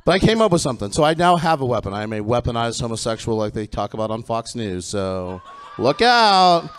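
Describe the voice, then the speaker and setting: A man's voice: mid-range voice, big pitch swings, a little fast, a little hiss or hum. A middle-aged man performing a stand-up comedy set on a theatre stage, campy and self-deprecating, with punchy lines and frequent giggles.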